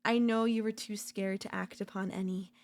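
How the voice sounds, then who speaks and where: A woman voicing a possessive, doting yandere girlfriend in a whispered role-play, talking softly and slowly at a close mic. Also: mid-range voice, fairly even intonation. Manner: soft, possessive, doting, slow and lingering. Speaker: voice actor.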